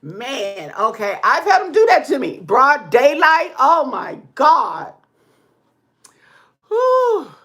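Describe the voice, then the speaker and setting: A woman vlogger telling stories in casual chat to her viewers, animated, whooping and laughing often, checking in with "okay?" as she talks. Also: high-pitched, takes it slowly. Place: indoor room with pink walls.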